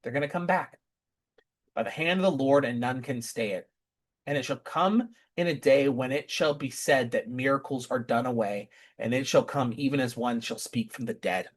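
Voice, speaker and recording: A man's voice: medium pitch, normal speed. A man giving impassioned scripture commentary, emphatic and repeating rhetorical questions. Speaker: scripture teacher.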